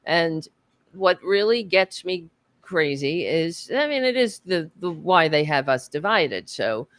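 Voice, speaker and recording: An American woman sits on a book club podcast panel, talking with passion and profanity and restarting her sentences often. Her voice is lowish and sing-song, her pace measured, with no room sound in the recording.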